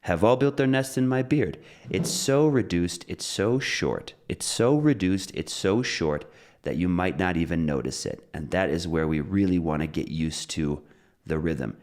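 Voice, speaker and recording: A man teaching an English pronunciation lesson, upbeat and explaining step by step, reading short rhymes in a steady beat. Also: low voice, a little slow.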